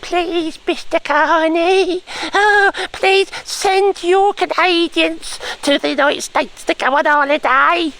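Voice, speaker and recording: A man's voice: fairly even intonation, slow, gravelly, hardly any pauses, sharp tone, full character voice. A man putting on a mocking, pleading impression of a US president. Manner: pleading, high and drawn out.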